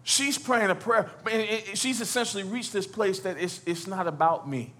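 A man preaching as pastor, talking to the congregation conversationally, acting out quotes and building to loud exhortation. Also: high voice, moderate pace. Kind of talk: sermon.

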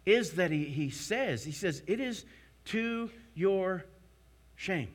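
A man preaching a sermon to a congregation, emphatic, swinging between loud declarations and hushed asides. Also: high voice, lively intonation, slow pace. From United States. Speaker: pastor.

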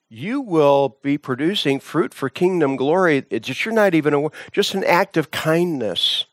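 A man's voice: fairly high pitch, lively intonation, moderate pace, hardly any pauses, dry recording, clean studio sound. A man preaching a sermon, telling a story with dramatic swings in his voice.

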